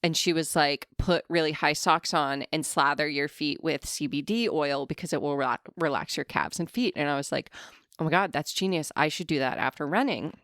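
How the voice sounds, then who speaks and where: A woman's voice: deep voice, normal speed, a bit bright, no echo, clean studio sound. A woman in her thirties co-hosting a podcast, chatting casually and joking with frequent laughter. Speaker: podcast co-host. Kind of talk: casual chat. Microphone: podcast mic.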